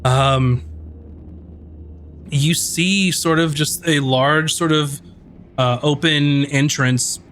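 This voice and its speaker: A man's voice: on the high side, steady tone, very slow, long pauses, fairly bright tone, slight background noise. A man narrating a tabletop game as game master, rambling with many fillers and restarts.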